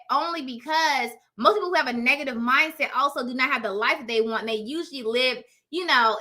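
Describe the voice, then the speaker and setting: Blunt, bright-voiced woman coaching in slang. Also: high voice. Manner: blunt, emphatic, slangy, repeats phrases for emphasis. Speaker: notary signing agent coach. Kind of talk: casual motivational live chat.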